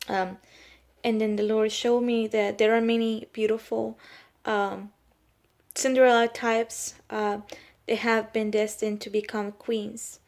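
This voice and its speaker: A woman's voice: a little high, flat delivery, darkish tone. Hesitant young woman sharing a testimony. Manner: hesitant, with frequent um and uh fillers; slows down and becomes solemn when relaying divine words. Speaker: homeschooling mother sharing a prophetic word. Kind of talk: spoken personal testimony.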